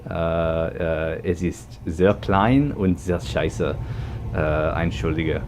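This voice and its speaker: A man's voice: deep voice, background noise. A man putting on a playful mock German. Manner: halting, playful, mixes German phrases. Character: mock German man, broken English, self-mocking.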